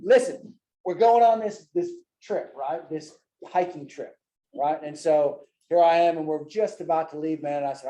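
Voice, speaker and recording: In a church classroom, a man teaches a group Bible study in a loose, folksy style, mixing in personal stories and often ending sentences with "man" and "right?". His voice is a little high and dark in tone, his pace moderate, and the room is reverberant.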